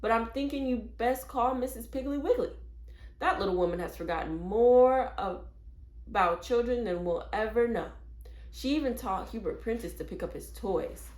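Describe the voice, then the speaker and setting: A woman voicing a chatty, warm-hearted maid who talks in folksy, gossipy turns of phrase. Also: a little high, moderate pace, echoey room, natural voice.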